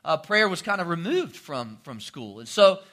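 A man's voice: a little high, sing-song, moderate pace, pushed and bright. A man, preaching a sermon as a pastor in a folksy, joking storytelling way. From North Carolina. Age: 40s.

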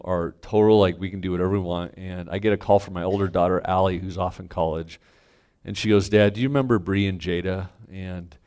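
In this storytelling sermon, a middle-aged male pastor shares a frank family anecdote with his congregation. He pokes fun at himself and his deep voice swings from hushed asides to booming punchlines.

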